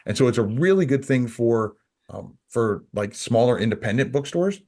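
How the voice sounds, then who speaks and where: A man's voice: mid-range voice, animated, normal speed, darkish tone. A man co-hosting a podcast, talking casually and rambling, full of restarts and "you know". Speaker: podcast co-host.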